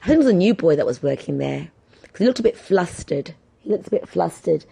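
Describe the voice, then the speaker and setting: A woman's voice: on the low side, fast, creaky, husky. A woman in her thirties hosting a podcast, telling casual stories and acting out the people in them. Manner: animated, acts out voices in her anecdotes. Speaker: podcast host. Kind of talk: casual storytelling monologue.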